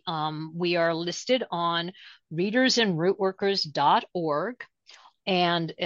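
A woman co-hosting a spirituality show in casual chat, talking in a meandering, halting way full of "you know" fillers. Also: lowish voice, fairly bright tone, no echo. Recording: dull lo-fi dry audio.

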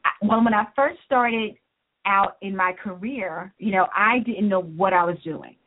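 A woman who works as a business coach and author appears as an interview guest on a talk show, speaking in an earnest, motivational way. Her mid-range voice moves at a measured pace, with a little hiss or hum over a tinny phone-line sound.

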